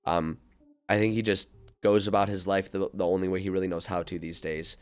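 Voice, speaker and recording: Give me a young guy streaming at his desk, chatty and scattered, with a low, clear voice. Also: brisk. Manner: animated and rambling, laughs often, many fillers. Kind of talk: casual live-stream chat, thinking aloud. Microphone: desk mic. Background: faint music.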